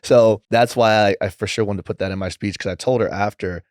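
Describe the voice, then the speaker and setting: A young man talking as a podcast guest in a rambling, casual way, saying "like" a lot and quoting others in lively voices. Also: fairly low pitch, fairly quick, smooth, dry recording, clean studio sound. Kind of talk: casual interview chat.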